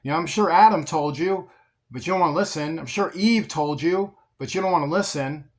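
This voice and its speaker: A man's voice: on the high side, fairly quick. A man teaching a Bible passage in a casual, conversational sermon style, often sarcastic. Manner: conversational, sarcastic, repeats words when emphatic.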